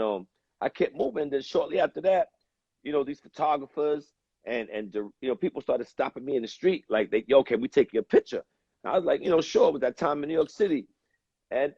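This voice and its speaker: Husky guy, actor guest, slow storyteller, does the voices, dry kinda muffled sound. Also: medium pitch, a little mellow, dry recording. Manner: slow, reflective storyteller who acts out quoted voices and swears. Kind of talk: casual chat.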